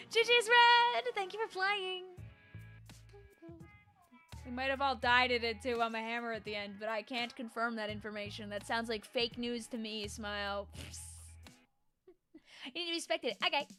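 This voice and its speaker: A woman's voice: fairly high pitch, moderate pace, long pauses, sharp tone. A woman in her twenties streaming a game from home, chatting casually and rambling, laughing often as she answers her chat. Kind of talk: casual live-stream chat while gaming. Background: game music.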